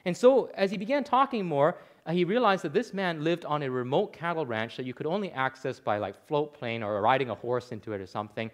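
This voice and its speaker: A man's voice: a little high, fairly quick, hardly any pauses. Impassioned man preaching a sermon. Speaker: pastor.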